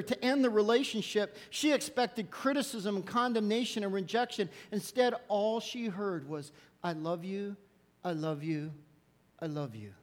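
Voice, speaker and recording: A man preaching a sermon, telling a story dramatically and dropping to hushed soft lows. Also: big-room sound.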